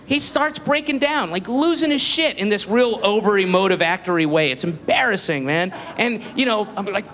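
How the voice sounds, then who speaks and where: A man's voice: high voice, lively intonation, moderate pace, few pauses, a bit bright, a little hiss or hum. A man telling a profane, rambling, sarcastic stand-up story. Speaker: comedian.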